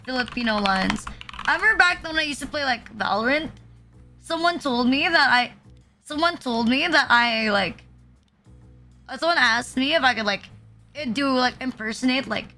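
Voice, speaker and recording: A woman's voice: high-pitched, sharp tone. A young adult woman streaming as a VTuber, chatting casually and rambling with frequent swearing and restarts. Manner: rambling, swearing, self-interrupting.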